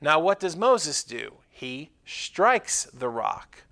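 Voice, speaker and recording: A man's voice: fairly high pitch, sing-song, slow, gravelly, bright, forceful tone. A man preaching a sermon, talking it through casually with fillers and tag questions like "right?". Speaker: pastor.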